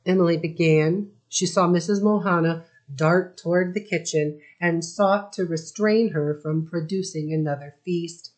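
A woman narrates a classic novel with a slow, unhurried pace and a fairly low voice. Her reading is measured and steady, letting each phrase settle. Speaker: audiobook reader. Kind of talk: scripted narration.

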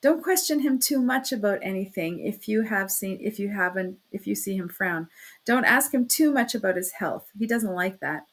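A woman voicing a thoughtful, earnest young man giving calm advice in a read-aloud novel. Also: medium pitch, moderate pace. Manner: thoughtful, reassuring.

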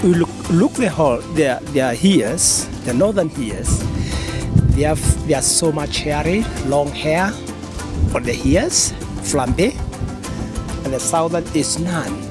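A man, an animal keeper, explaining outdoors in a halting way with fillers and repeats. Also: a little high, expressive, over music. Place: outdoor wildlife enclosure.

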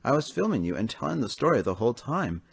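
A man's voice: mid-range voice, very animated, quick pace, gravelly, breathy edge, heavily acted. A man voicing a friendly film director in a toy train story, kind and matter-of-fact. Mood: kindly.

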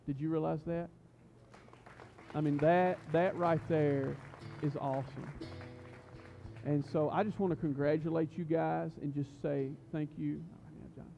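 A fairly high-voiced man leads a youth service in church, preaching loosely and cracking jokes. He stumbles through fillers and restarts. The recording sounds dull and lo-fi. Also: steady tone, unhurried, vocal fry, warm tone, faint music behind. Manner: chatty, joking, full of fillers and restarts. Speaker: youth pastor. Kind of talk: casual youth sermon. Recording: muffled lo-fi recording.

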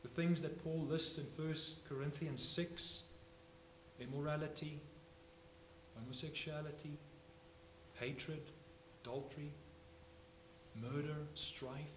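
A man preaching a sermon as pastor, swinging from hushed phrases to loud emphatic ones. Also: a little high, fairly even intonation, slow pace, long pauses. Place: church sanctuary. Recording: echoey church, faint hum.

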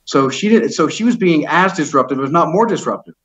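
A man's voice: on the high side, expressive, a little fast, fairly bright tone, dull audio. A man as an interview guest, telling his story in a heated, rambling way, swearing often and stumbling over fillers. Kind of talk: casual storytelling.

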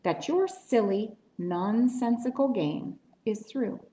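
A woman's voice: a little high, lively intonation, takes it slowly, warm tone. A woman reads as a bossy storybook kangaroo who snaps and scolds with scorn. The sound lingers in an echoey room. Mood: scolding. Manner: scolding, snapping.

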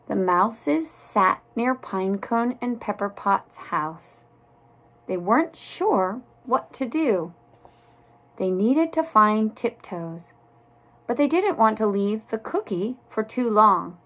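Slow gentle woman reading a story. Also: medium pitch, expressive. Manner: slow, deliberate, soft narration. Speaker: storybook reader.

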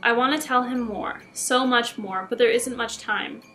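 Bright-voiced woman reading scary stories. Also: a little high, moderate pace, soft background music. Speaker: YouTube storyteller.

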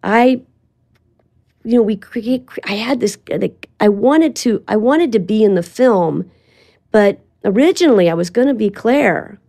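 An older woman talks as an interview guest, spinning anecdotes in a loose, chatty way. She slips into quoted lines as she tells them, and her delivery stays expressive. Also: medium pitch, a little slow, vocal fry. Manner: animated storytelling with quoted asides. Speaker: guest, voice actress. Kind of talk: casual interview chat.

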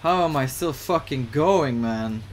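A man playing a horror game and commenting on it, excitable, swearing freely and talking back to the game. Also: mid-range voice, unhurried, a little hiss or hum. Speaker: gaming YouTuber.

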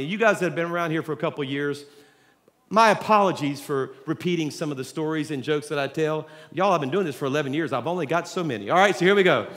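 A man's voice: on the high side, lively intonation, fast talker, fairly bright tone. A man, preaching a sermon as pastor of a church, talking to the congregation in a casual, joking way. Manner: conversational storytelling preacher, jokes with congregation. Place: large church auditorium. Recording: reverberant church hall.

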